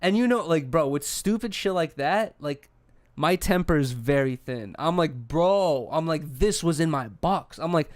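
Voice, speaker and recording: A young man hosting a casual podcast chat, telling an animated, exasperated story with plenty of swearing. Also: fairly high pitch, moderate pace, no echo. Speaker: podcast host.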